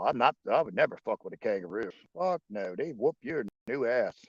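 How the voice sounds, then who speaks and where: Streamer, man, crude joker, gravelly and lively, dry muffled mic. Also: mid-range voice, no room sound. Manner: crude, joking, laughs often. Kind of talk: casual solo stream chat.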